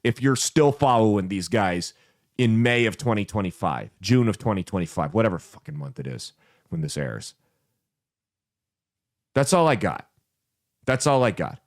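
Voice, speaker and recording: A man's voice: fairly low pitch, sing-song, moderate pace, pauses often, no room sound, clean studio sound. A man hosting a comedic commentary podcast, ranting bluntly and sarcastically with lots of profanity. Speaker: podcast host.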